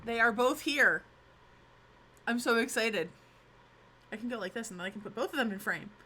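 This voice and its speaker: A woman's voice: a little high, normal speed, sharp tone. A young woman chatting casually on her live stream, bubbly and self-mocking.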